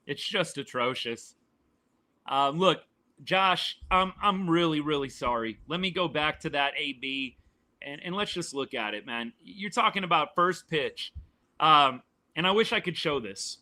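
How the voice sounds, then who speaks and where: A man's voice: fairly high pitch, bright, forceful tone. A man hosting a live sports reaction stream, talking to his chat in a fired-up, exasperated way and repeating his points.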